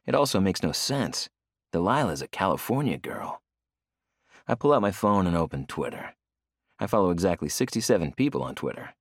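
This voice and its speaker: A young man narrating a first-person novel, wry and expressive, on a close studio mic. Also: low voice, no room sound. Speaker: audiobook narrator.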